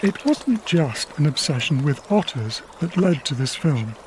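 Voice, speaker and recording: A man, a wildlife cameraman from England, narrating his diary in a quiet, measured, reflective documentary voice. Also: fairly high pitch, very animated, slight background noise. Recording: faint river ambience behind.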